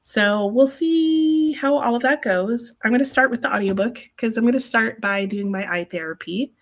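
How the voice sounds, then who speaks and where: A woman hosting a live reading stream, chatting casually and rambling to her viewers while sounding sleepy. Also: mid-range voice. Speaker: host of live reading sprints. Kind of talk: casual livestream chat.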